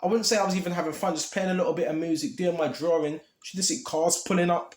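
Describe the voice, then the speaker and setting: Impassioned man preaching casually with street slang, high-pitched, recorded in a roomy, echoing space. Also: fast talker. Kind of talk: informal preaching.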